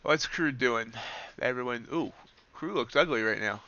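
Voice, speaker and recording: A man's voice: mid-range voice, moderate pace, sharp tone, muffled recording. A man giving live commentary on his trades, counting off prices and greeting viewers in chat. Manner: calls out prices and chats with viewers. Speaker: livestream futures trader.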